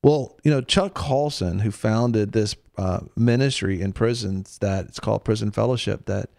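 A Southern American man hosts a casual faith talk show, slipping into the voices of the people in his stories. His voice sits low with a gravelly edge. The sound is close and dry. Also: moderate pace, no echo. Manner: animated storyteller, acts out quotes. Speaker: radio show host.

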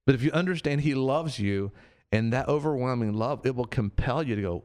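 A man's voice: mid-range voice, a little fast, a little mellow, clean tone. A man preaching conversationally, earnest and repetitive, sometimes acting out the voices he quotes. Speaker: preacher on a radio show.

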